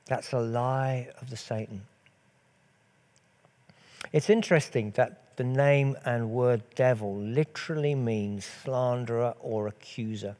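A man's voice: medium pitch, dark tone. A man preaching a sermon in an earnest way, building his points through repeated rhetorical questions.

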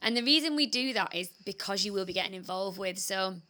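Bright-voiced chatty woman. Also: medium pitch, animated, quick pace. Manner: chatty and laughing, with mild swearing. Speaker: podcast co-host, recruitment business owner. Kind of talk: casual business podcast chat.

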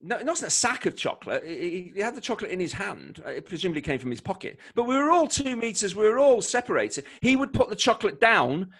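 Man, football co-commentator, casual podcast chat, playful storyteller, slightly high voice. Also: very animated, quick pace, hardly any pauses, a bit bright, breathy edge. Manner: playful, mock-pompous storytelling.

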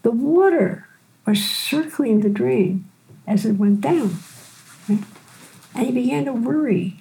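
An older woman, a physician and teacher, telling stories in a gentle, unhurried way during a conversation. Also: on the high side, lively intonation, creaky, poor audio. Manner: gentle unhurried storyteller, frequent "right?". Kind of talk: storytelling in a conversation.

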